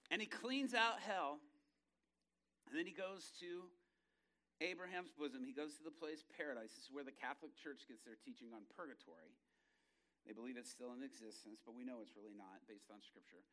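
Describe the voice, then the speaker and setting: A male pastor preaching a lively sermon, acting out scenes in voices and ending in a hushed prayer. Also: mid-range voice, brisk.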